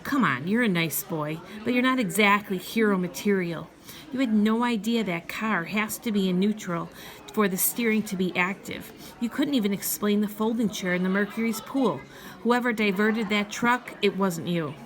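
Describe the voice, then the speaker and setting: A woman voicing a blunt, pushy male TV reporter in an audiobook, speaking a bit louder than her narration. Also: mid-range voice, moderate pace, close to an everyday voice. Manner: blunt, confronting.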